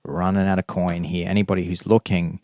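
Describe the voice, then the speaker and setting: A man with a mild Australian accent co-hosting a podcast, chatting casually and explaining things with playful, animated vocal demonstrations. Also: low voice, a little fast, no room sound, clean studio sound. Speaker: podcast co-host.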